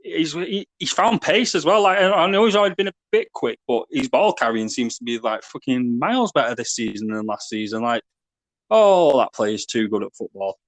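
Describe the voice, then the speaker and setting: Dry-sounding football fan. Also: male voice, medium pitch, animated, moderate pace, no echo. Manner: laughing, swearing, says "mate" a lot. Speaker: podcast co-host. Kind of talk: casual football chat.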